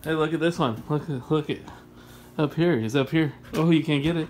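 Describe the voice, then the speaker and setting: A man's voice: on the high side, moderate pace, a little mellow, a little hiss or hum. A man vlogging casually, playfully teasing his dog and laughing often. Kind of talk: casual vlog chat.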